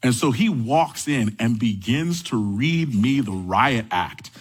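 A young adult man preaching a sermon, telling stories with animated energy. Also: slow, husky, rough recording. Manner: animated storytelling, rising high when excited. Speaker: pastor.

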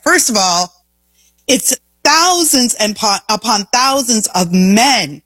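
A woman's voice: fairly high pitch, lively intonation, a little slow, fairly bright tone, slightly rough, no room sound. A woman hosting a talk show, delivering an emphatic, opinionated monologue full of rhetorical questions. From Indiana, US.

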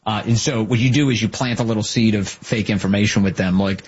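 Male commentary host, husky, sarcastic and mocking, muffled lo-fi audio. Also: on the low side, steady tone, fast, few pauses. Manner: mocking, mimics people in silly voices.

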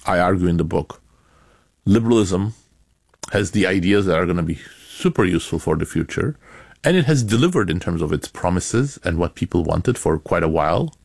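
Academic author guest: deep-voiced man, dry studio sound, steady explanations with sudden emphasis. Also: gravelly, husky, no echo. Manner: measured, explanatory, lively emphasis. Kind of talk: interview answers.

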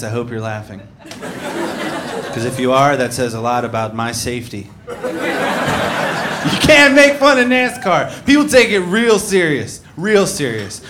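A man doing a stand-up routine in a wry, sarcastic, conversational manner, recorded live with audience noise. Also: a little high. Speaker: stand-up comedian.

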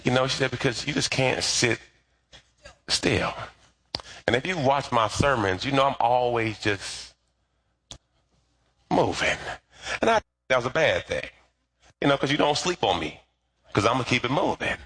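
A middle-aged pastor preaching a lively, conversational sermon with call-and-response. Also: male voice, medium pitch, moderate pace, long pauses, breathy edge.

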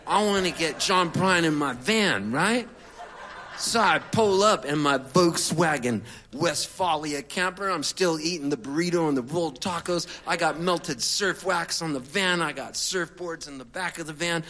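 A man, a singer-songwriter, telling a comic story in an animated, chatty way with laid-back surfer slang. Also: on the high side.

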